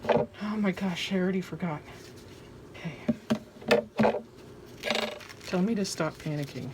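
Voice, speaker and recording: In a noisy, homemade vlog, a woman talks through her craft project fairly quickly in a fairly low voice. She comes across as anxious and dramatic, frequently making fun of herself.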